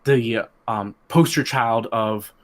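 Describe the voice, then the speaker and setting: A man talking as a guest on a casual podcast, rambling with many restarts and fillers, getting animated. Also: medium pitch, takes it slowly. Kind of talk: casual chat.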